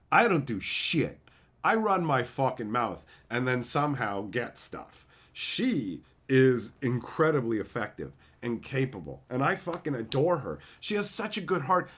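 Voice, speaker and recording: A man chatting casually with viewers on a live stream, profane, animated and openly emotional. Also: mid-range voice, slightly rough.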